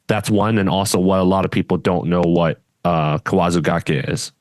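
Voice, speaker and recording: A man's voice: sits low, steady tone, normal speed, no echo. A man co-hosting a podcast, chatting casually and bluntly, often trailing off and restarting his sentences. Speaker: podcast co-host.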